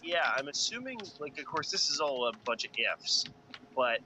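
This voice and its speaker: A man, a pilot, chatting casually about a space game in a relaxed, rambling way, thinking aloud with fillers. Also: a little high, normal speed. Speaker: pilot and gaming video co-host. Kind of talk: casual gaming chat. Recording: noisy background.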